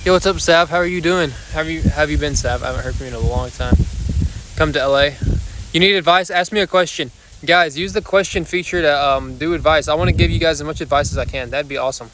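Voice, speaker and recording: A man's voice: on the high side, quick pace, fairly bright tone, slight background noise. A young man hosting a casual livestream from his backyard on a phone, out of breath after exercising, chatting and joking with viewers in a loose, chatty way. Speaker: livestream host. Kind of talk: casual live chat with viewers. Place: backyard outdoors.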